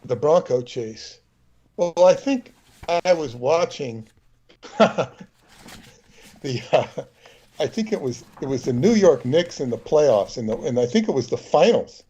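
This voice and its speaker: A man's voice: fairly high pitch, sing-song, takes it slowly, pauses often, dark tone, breathy edge, muffled recording. A man co-hosting a livestream, telling a digressive, opinionated anecdote in loose, rambling chat. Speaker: livestream co-host.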